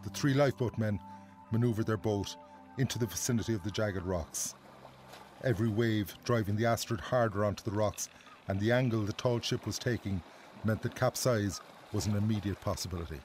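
Low-voiced documentary narrator. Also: male voice, soft background music. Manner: measured, even storytelling. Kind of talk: scripted narration.

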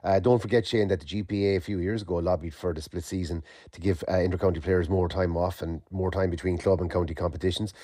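Irish man, dark mellow sports reporter. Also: low-pitched, steady tone, dry recording, studio quality. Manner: measured, many fillers and restarts. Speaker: sports correspondent. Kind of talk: radio sports news report.

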